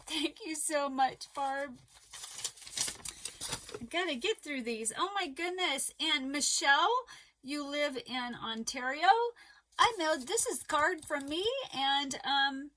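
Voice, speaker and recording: Casting note: middle-aged woman, home crochet vlogger, slow unhurried delivery, voice wearing thin, halting and teary. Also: high-pitched, sharp tone, slight background noise. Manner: halting, emotional, many fillers and restarts. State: losing her voice. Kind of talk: casual chat to camera.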